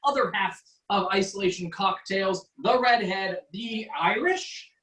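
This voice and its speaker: A man's voice: sits high, unhurried, fairly bright tone, echoey room, far from the mic, rough recording. Chatty man from Quebec hosting online class. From Quebec, Canada. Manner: chatty, joking, many fillers. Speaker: online mixology class host. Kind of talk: casual video-call class hosting. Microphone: video call.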